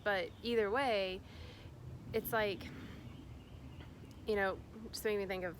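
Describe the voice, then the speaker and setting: Over some background noise, a woman from Indiana who works as a spiritual guide speaks slowly and steadily in a mid-range voice. Her casual spiritual vlog talk rambles, with many fillers and restarts.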